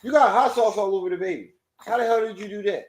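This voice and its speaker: Loud, cursing young father. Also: high-pitched, quick pace, echoey room. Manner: loud, profane, scolding. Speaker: online show host. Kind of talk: casual livestream chat.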